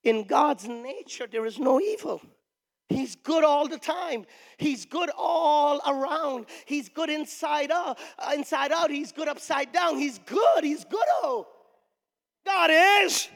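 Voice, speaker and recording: Man, pastor, sermon, very high-pitched voice, emphatic, shouting at times, calls on the congregation to answer, long hall reverb. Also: slow, vocal fry. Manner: emphatic, with shouted peaks and audience call-and-response. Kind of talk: preaching a sermon.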